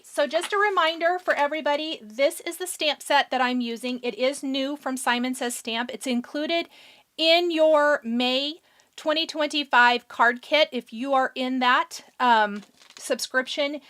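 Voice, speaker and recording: A woman's voice: sits high, measured pace, a bit bright. A woman hosting a live card-making demonstration, chatting casually and answering viewer questions as she works. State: has the hiccups. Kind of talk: live-stream craft demonstration.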